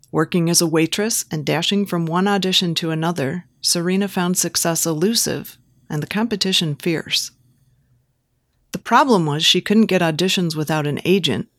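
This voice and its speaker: A woman narrating an erotic story as an audiobook, reading in a steady, even way. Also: fairly low pitch, no room sound.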